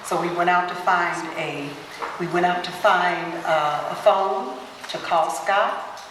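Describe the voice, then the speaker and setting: A woman's voice: lowish voice, background noise. A woman speaker telling personal stories to a gathering and acting out the people in them, recorded from far off in an echoey hall. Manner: animated storyteller who acts out quotes. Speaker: guest speaker. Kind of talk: personal storytelling talk.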